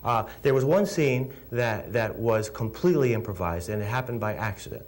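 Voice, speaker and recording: Animated middle-aged man telling a story. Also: mid-range voice, moderate pace. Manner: animated, emphatic, repeats words. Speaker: film director. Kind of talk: interview answers, storytelling.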